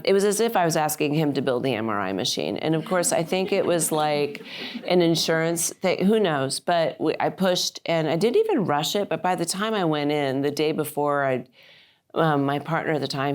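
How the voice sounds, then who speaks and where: A woman in her fifties with a low voice tells her story at a live interview. She talks in a lively, animated way, often slipping into the voices of people she quotes, with many fillers and restarts along the way. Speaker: guest. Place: live stage event.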